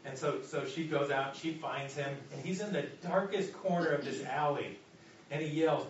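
A slightly high-voiced man preaches from a church sanctuary as a pastor, his story stumbling through many restarts until it swells into an urgent challenge, followed by a closing prayer. Captured through the church PA from a distance, the recording sounds roomy and dull, with slight background noise.

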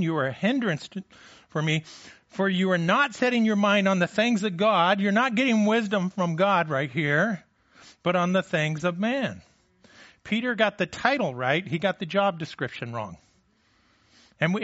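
Man, high voice, conversational sermon, rhetorical questions, slightly dull recording. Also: fairly bright tone, dry recording. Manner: conversational preaching with frequent restarts and rhetorical questions. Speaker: pastor.

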